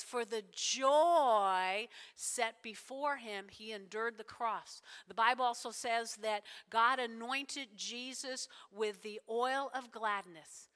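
A woman preaching a sermon in a lively, animated way, checking in with the congregation with frequent "all right?" and "right?". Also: a little high. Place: church sanctuary. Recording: long hall reverb.

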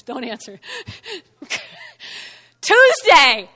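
A bright, high-voiced woman preaches with animated energy, calling out to her congregation and repeating phrases for them to echo. Her voice carries a long reverb, as if in a church hall. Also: moderate pace. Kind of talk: lively sermon.

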